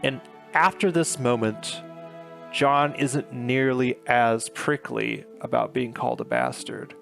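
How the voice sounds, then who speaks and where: Gravelly-voiced male book reviewer, chatty and loose, with soft guitar bed. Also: medium pitch, steady tone, takes it slowly. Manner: chatty, filler-heavy retelling with paraphrased quotes. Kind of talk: casual book recap.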